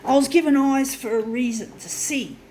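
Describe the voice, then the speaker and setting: A woman narrates her own craft demo on a sweltering day, shaking, sweating and venting her frustration to the folks watching. She swears freely and talks herself through setbacks. Her voice sits somewhat high, with faint background noise behind her. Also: normal speed, warm tone, poor audio. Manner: swears often, keeps addressing viewers as folks. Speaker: vlogger demonstrating a craft. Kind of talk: frustrated casual monologue while working.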